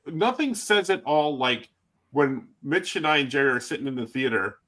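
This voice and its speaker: A man's voice: mid-range voice, lively intonation, normal speed, a bit bright. A man with a wife and son chatting casually as a co-host, telling stories and laughing at them. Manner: chatty storyteller, laughs at his own stories. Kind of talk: casual chat.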